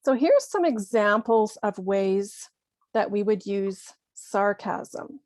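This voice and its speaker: A woman teaching English to learners, explaining things slowly and carefully with acted examples. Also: mid-range voice, expressive, a little mellow, no echo. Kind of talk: slow, careful ESL lesson.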